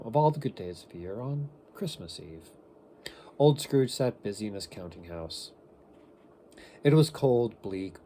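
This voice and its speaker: Male amateur reader, expressive storytelling with a low, mellow voice. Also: slight background noise. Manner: expressive, shifting pace, occasional stumbles. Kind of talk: amateur dramatic reading of a classic story.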